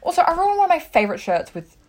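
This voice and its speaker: Casting: young Aussie woman, podcast co-host, rapid rambling gossip, filler-heavy. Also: extremely high pitch, very animated, darkish tone. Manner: rapid, rambling, full of "like" and swearing. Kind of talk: casual chat.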